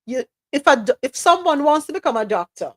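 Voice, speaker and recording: A woman's voice: high voice, sing-song, brisk, dry recording. A woman with a Jamaican accent hosting a live talk podcast, giving emphatic, opinionated commentary and slipping into patois now and then. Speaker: podcast host.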